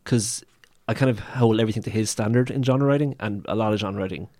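Low-voiced man sharing thoughtful opinions, dry sound. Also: quick pace, darkish tone, no echo. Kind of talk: casual chat about books.

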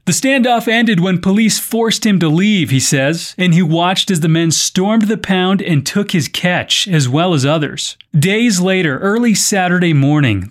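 A man hosts a news podcast for language learners, reading stories clearly and breaking in with playful, wry asides. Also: fairly high pitch. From North America. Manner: playful, wry comments between read stories. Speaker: podcast host.

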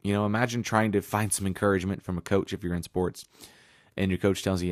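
Guy with a really low voice preaching, earnest and chatty, reads bible verses, dry close sound. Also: fast talker, no echo. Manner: earnest, conversational, reads scripture aloud. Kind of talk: sermon with scripture reading.

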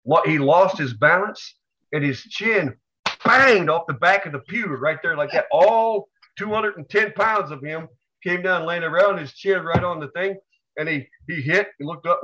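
A man co-hosting a casual podcast, telling family stories in an animated way and acting out the people in them. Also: a little high, normal speed. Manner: animated storyteller, acts out family members with yells. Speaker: podcast co-host. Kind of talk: casual storytelling chat. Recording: dull lo-fi recording.

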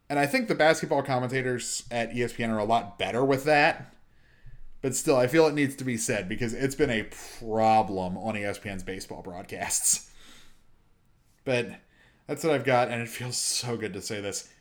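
A young man hosting a solo sports and gaming podcast, chatty and excitable, breaking into exasperated rants. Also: mid-range voice. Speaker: podcast host.

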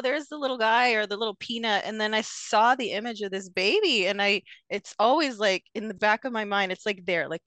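A woman's voice: medium pitch, a bit bright, dry recording. A young woman, a podcast guest, telling a personal story in a hesitant way with many fillers and restarts. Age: young adult.

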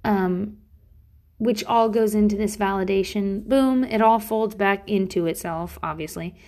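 A woman in a middle pitch range chatting on her own to her viewers. She rambles and swears casually while poking fun at herself, speaking from a bathroom at home. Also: unhurried. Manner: profane, rambling, animated, self-mocking. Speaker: mother talking to her audience. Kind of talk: casual solo monologue.

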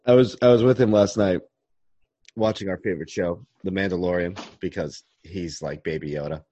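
A man's voice: deep voice, normal speed, dark tone, no room sound, dull audio. A man in his thirties hosting a casual podcast, rambling in a laid-back way and chuckling as he talks. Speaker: podcast host. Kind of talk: casual chat.

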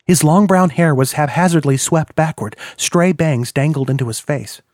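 A man reading an audiobook in a measured, descriptive manner. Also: on the high side, darkish tone, no room sound, studio quality. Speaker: audiobook narrator. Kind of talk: scripted narration.

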